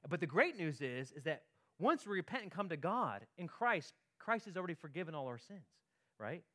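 Man preaching in a slightly high voice. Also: very animated, a little fast, pushed and bright. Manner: conversational preaching, frequent tag questions and repeated words. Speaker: pastor. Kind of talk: sermon.

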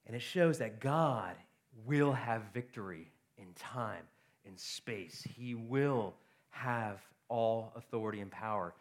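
A man's voice: fairly low pitch, takes it slowly. A man preaching a sermon in a conversational way, often checking in with the congregation by asking "right?". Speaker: pastor.

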